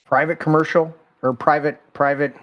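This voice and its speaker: A man hosting a casual conversation, telling animated stories and swearing freely. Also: fairly high pitch, moderate pace, no room sound. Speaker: podcast host.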